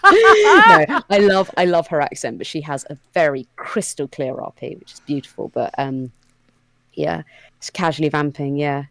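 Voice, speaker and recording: Dry, lower-voiced woman with RP accent. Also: sing-song, moderate pace, a bit bright, no room sound. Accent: British RP. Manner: chatty, rambling tangents. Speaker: guest voice actor. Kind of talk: casual livestream chat.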